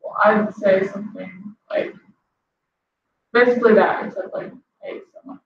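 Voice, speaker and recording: A woman's voice: medium pitch, steady tone, normal speed, gravelly, a little hiss or hum. A woman student answering questions in a class. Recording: echoey room from far off, dull.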